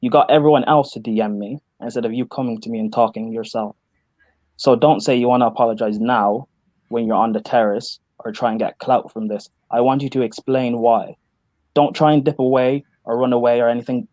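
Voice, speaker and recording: A man hosting a livestream panel, sternly demanding an explanation in a measured, firm way. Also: mid-range voice, fairly even intonation, darkish tone, no echo. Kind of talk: confrontational live stream panel.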